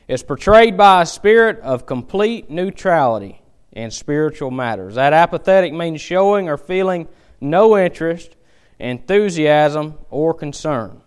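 Animated, clear-voiced male preacher. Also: fairly high pitch, measured pace. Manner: folksy, animated storytelling, emphatic. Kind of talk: sermon.

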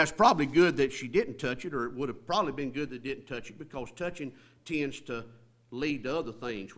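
A man preaching a sermon, asking the congregation rhetorical questions, reading scripture aloud and building up to loud, emphatic passages. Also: mid-range voice. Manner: reads scripture aloud in King James wording.

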